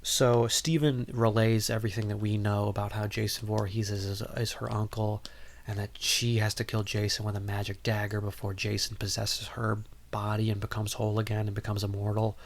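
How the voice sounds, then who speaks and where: A male podcast host with a somewhat low voice, talking through a movie plot in a loose, casual way. He rambles, fills gaps with ums, and drops in dry, amused asides. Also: level tone, brisk, creaky. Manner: rambling, frequent ums, wry.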